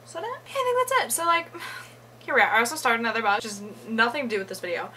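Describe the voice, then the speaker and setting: Young female book vlogger, casual and profane, higher pitch, faint background hiss. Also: lively intonation, quick pace, sharp tone, poor audio. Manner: chatty, swears freely, laughs often. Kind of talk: casual reading vlog chat.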